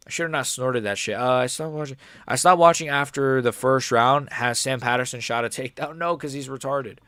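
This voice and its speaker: A man's voice: medium pitch, brisk, bright, forceful tone, no room sound, clean studio sound. Young man ranting on a livestream. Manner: frustrated, profane, rambling with many fillers. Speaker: livestreamer watching a fight. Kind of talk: casual live-stream reaction commentary.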